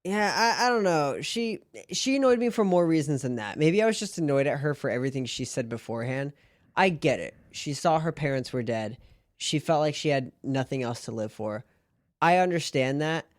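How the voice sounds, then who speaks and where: A man co-hosting a podcast in casual chat, quick to react and share strong opinions. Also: fairly high pitch, animated, no room sound, clean studio sound. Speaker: podcast co-host.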